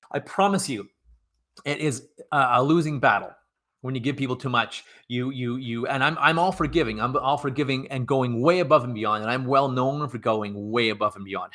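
Man at mid pitch, motivational speaker riffing off the cuff, pushy repeated commands, trips over his words. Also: sharp tone. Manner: emphatic and repetitive, stacking short commands; frequent stammered restarts. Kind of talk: unscripted motivational monologue.

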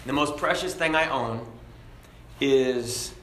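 A man preaching a sermon, slow and deliberate, with a self-deprecating sense of humor. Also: medium pitch, fairly bright tone, slight background noise. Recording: echoey room.

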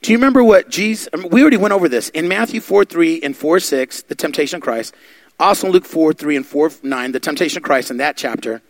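A man preaching a sermon, fervent and building to loud exhortation. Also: on the high side, expressive, quick pace, dry recording.

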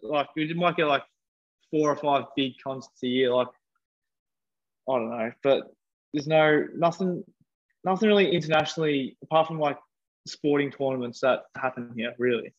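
A man's voice: on the high side, normal speed. Young Australian man, casual podcast guest, rambling, lo-fi recording. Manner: rambling, many fillers like "like". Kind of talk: casual chat. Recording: dull lo-fi sound.

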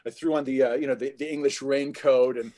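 A man's voice: mid-range voice, steady tone, fast talker, warm tone. A middle-aged man and veteran actor, telling anecdotes in an interview and restarting his phrases often. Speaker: guest actor. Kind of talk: conversational interview storytelling.

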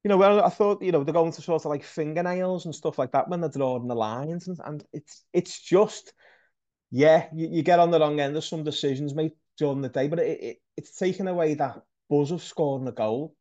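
A man in casual podcast chat, rambling and ranting, stumbling over his words and calling his co-host mate. His voice sits fairly high for a man, and the recording sounds a little dull and lo-fi. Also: a little fast, darkish tone. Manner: rambling, ranting, many restarts, says mate a lot.

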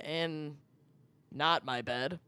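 A young woman co-hosting a podcast, making wry, deadpan quips in casual banter. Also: sits low, very slow. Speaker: podcast co-host.

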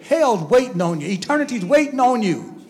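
A man preaching a fiery sermon, moving from quiet asides to shouted preaching. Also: very high voice, lively intonation, fairly quick.

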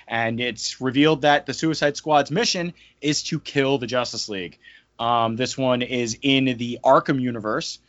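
A man hosts a casual podcast, joking around and breaking into hyped announcer-style bursts. His mid-range voice is a bit bright, and the dull lo-fi audio is dry.

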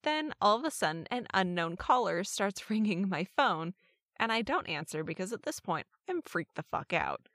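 A woman's voice: mid-range voice, sing-song, normal speed, fairly bright tone, no echo, studio quality. A woman co-hosting a podcast, chatting and reading listener stories with wry, amused emphasis. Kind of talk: casual podcast chat and story reading.

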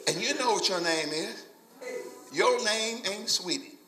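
A man's voice: sits high, animated, unhurried, echoey room. A male pastor preaching a sermon in a rhythmic, repetitive call-and-response style with folksy vernacular phrasing. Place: church sanctuary.

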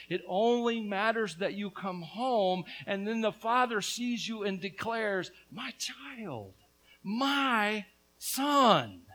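With a high voice that shifts from quiet to loud, a man delivers a sermon as a pastor, sincere but punctuated by offhand remarks. The recording quality is low.

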